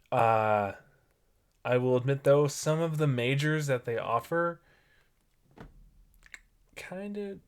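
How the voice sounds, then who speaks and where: A young man in his twenties hosting a solo podcast, chatting in a rambling way and dropping to whispers for his asides. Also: medium pitch. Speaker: podcast host. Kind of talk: casual solo podcast talk.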